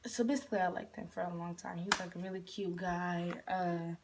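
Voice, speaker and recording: A young woman from Michigan telling a story in a casual vlog, rambling, often dropping to a whisper and jumping up in pitch when she quotes herself. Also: steady tone, a little fast, background noise. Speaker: vlogger.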